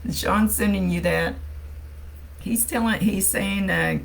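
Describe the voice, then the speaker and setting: A woman's voice: medium pitch, measured pace, vocal fry, rough recording. A woman working as a psychic medium, giving a casual live-streamed reading. She talks bluntly, thinks aloud and swears freely.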